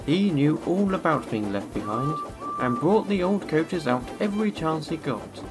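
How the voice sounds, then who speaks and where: Animated male storybook narrator. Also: a little high, moderate pace. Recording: music underneath.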